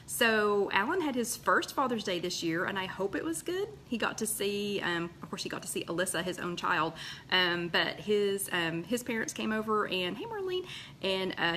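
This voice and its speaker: A woman's voice: medium pitch, animated, moderate pace, a bit bright, a little hiss or hum. A woman hosting a casual live stream, chatting and greeting viewers by name with plenty of fillers. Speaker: host of a live weight-loss chat.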